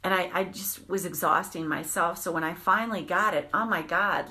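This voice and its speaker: A middle-aged woman talks on a casual live stream with a fairly low voice for a woman. She is candid and animated, breaking off and restarting her sentences and dropping in mild swearing. She speaks as the host of the stream. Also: moderate pace, hardly any pauses. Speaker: tapping practitioner hosting a live video.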